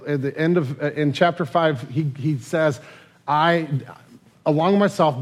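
A man preaching a sermon, retelling a scripture story in a casual, conversational way, swinging from loud and lively to hushed and tender. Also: medium pitch. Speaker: pastor.

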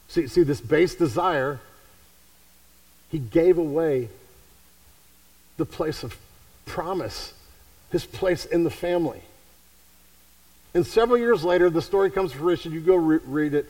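A man preaching a sermon in a conversational way, repeating himself and swinging from hushed to fervent. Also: a little high, moderate pace, distant mic, poor audio. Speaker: pastor.

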